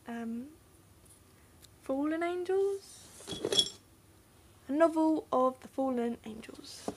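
English woman, high voice, slow and unhurried, rambling casual chat, trailing off. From England. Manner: rambling, unsure, trails off into mumbles. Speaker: book vlogger. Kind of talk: casual bookcase tour.

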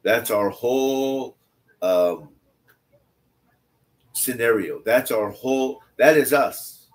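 Speaking slowly in a medium pitch, a man teaches a Bible study by reading scripture aloud. He breaks off for blunt, conversational remarks, repeating phrases for emphasis.

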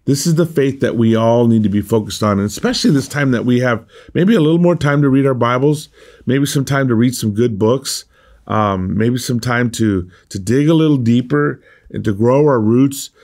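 A man's voice: mid-range voice, normal speed, a little mellow. A man preaching an earnest, conversational sermon, often restarting his phrases as he explains a scripture passage. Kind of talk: streamed sermon.

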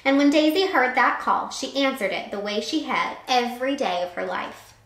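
A woman's voice: high-pitched, moderate pace. A woman reading a picture book aloud to children as a teacher, telling it expressively with little asides. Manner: expressive, animated storytelling. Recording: roomy echo.

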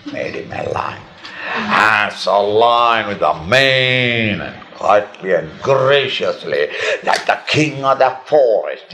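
A man with an Indian English accent, an Indian monk telling a children's story with animated delivery, frequent chuckles and dramatic pauses. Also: lowish voice.

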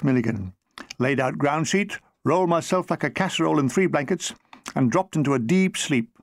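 An older man from England reading his own war memoir aloud, with dry comic timing and quick jumps into put-on voices. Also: on the high side, vocal fry, dry recording.

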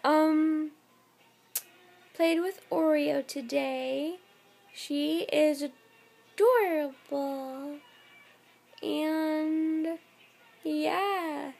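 A worn-out young woman talks to her camera late at night, drifting from thought to thought. Her voice sits high, and she speaks slowly and sleepily, yawning as she goes. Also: steady tone, creaky, a little mellow. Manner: rambling and scattered. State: very tired, yawning. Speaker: vlogger. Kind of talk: casual vlog to camera.

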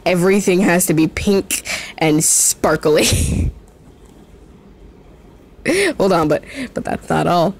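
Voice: mid-range voice, slow, pauses often. A teenager giving casual, giggly commentary while drawing, self-mocking and swearing often, often trailing off and starting over. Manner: rambling, trails off and restarts often. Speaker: drawing vlogger.

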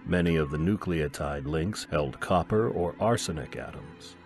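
A man reading a science fiction story aloud in a measured, grave storytelling manner. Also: rumbling low, darkish tone, soft background music. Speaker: narrator.

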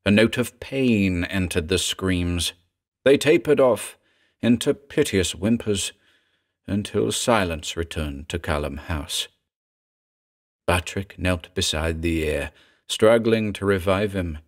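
A man narrating a horror story in a measured, grave storytelling manner. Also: low voice.

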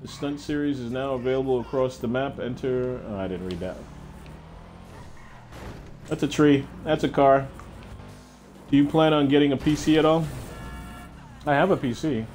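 A man's voice: mid-range voice, moderate pace, long pauses, darkish tone, faint music behind. A young man livestreaming a video game, chatting casually and profanely while answering viewers. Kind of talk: casual gameplay chat.

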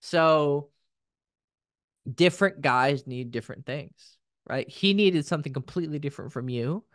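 A young man, a dating coach, telling stories in casual podcast chat, lively and freely swearing. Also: a little high, moderate pace, no room sound, clean studio sound. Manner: animated storyteller, swears freely.

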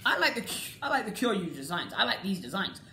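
A woman giving a casual, ranting review as a vlogger, exasperated and repetitive, swinging between loud outbursts and low muttering. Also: very animated, fast. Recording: echoey room with faint background noise.

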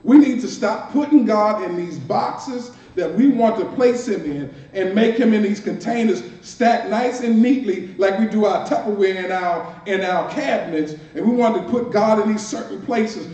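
High-voiced preacher in an echoing church. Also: male voice, moderate pace, hardly any pauses, dark tone. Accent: Washington D.C. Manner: conversational preaching, playful asides and repeated words. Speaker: minister. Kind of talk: sermon. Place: church sanctuary. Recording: distant, roomy, dull church recording with faint hiss.

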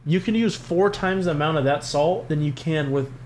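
A man's voice: on the high side, moderate pace, slight background noise. A young man co-hosting a podcast, chatting casually, rambling with lots of fillers and swearing. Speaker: podcast co-host. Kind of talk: casual chat.

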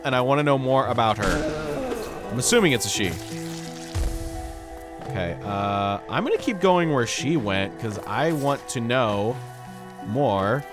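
A young man giving casual, goofy let's play commentary, excitedly talking to the game's characters. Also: medium pitch. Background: game music.

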